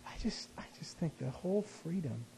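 A Christian teacher from the US West Coast tells a personal story in a conversational sermon, animated and self-deprecating. He whispers at normal speed, his voice jumping high when he gets excited.

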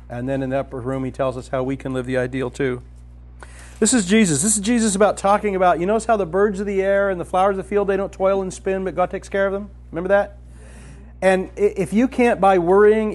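A man preaching a sermon, telling stories in a lively way and often laughing as he talks. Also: on the high side. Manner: animated storytelling, often breaks into laughter.

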